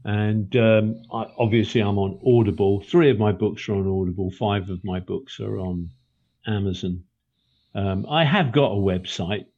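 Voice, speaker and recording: A man's voice: deep voice, lo-fi sound. A British man, an author, chatting casually and rambling a little, restarting his sentences with plenty of ums. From Britain. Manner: rambling, self-correcting, with many ums and restarts. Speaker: author and podcast guest. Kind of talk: casual chat.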